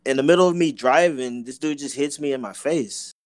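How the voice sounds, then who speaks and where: A young man chats casually on a podcast, rambling through a story with plenty of swearing and filler words. His voice sits at an ordinary pitch, recorded close and dry with no room sound. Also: a little fast, no echo. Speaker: podcast co-host. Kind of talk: casual chat.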